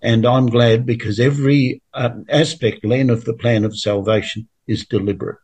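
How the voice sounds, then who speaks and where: Husky man explaining scripture. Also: medium pitch, fairly even intonation, moderate pace, a little mellow. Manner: earnest, explanatory, quotes scripture. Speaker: Bible study presenter. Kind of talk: Bible study discussion.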